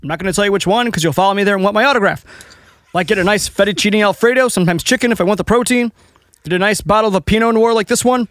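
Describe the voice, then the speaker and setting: A man's voice: high-pitched, rapid-fire, fairly bright tone, no room sound. A man doing a boastful politician impression. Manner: bragging, rambling monologue.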